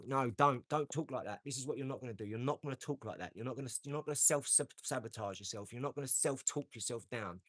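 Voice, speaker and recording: A man's voice: medium pitch, lively intonation, fast talker, few pauses, no echo. A man hosting a casual live stream, giving motivational talk with emphatic, repeated phrases. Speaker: livestream host. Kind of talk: casual motivational livestream chat.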